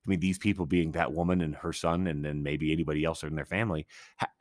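A man's voice: rumbling low, fairly even intonation, fast, dry recording. A man hosting a podcast on his own, telling a story casually and rambling with many restarts, swearing and sounding incredulous. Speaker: podcast host.

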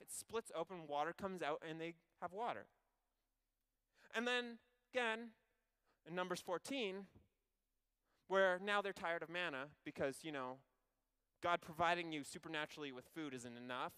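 A male preacher with a high, bright and clear voice. He tells the story in a lively, casual way and drops wry asides to his listeners. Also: moderate pace. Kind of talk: sermon.

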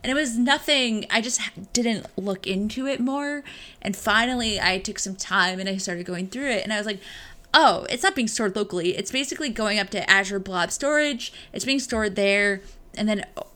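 Bright, animated woman venting about tech. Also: mid-range voice, moderate pace. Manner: animated, sarcastic, acts out quotes. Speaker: podcast co-host. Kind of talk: casual tech chat.

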